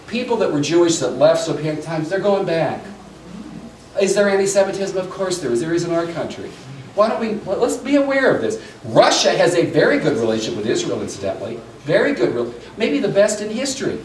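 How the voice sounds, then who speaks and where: Middle-aged male lecturer, hurried and excitable, lively high voice, recorded from afar in an echoey room. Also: slight background noise. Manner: hurried, excitable, many restarts. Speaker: political science lecturer. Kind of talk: animated public lecture. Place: breakfast meeting room. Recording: echoey room, mic far off.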